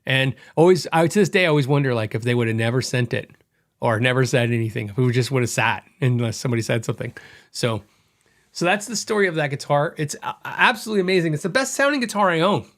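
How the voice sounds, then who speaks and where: A middle-aged man hosting a podcast, telling a story in a chatty, animated way and acting out quoted dialogue. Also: mid-range voice, fast talker. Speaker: podcast host. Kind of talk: casual storytelling monologue.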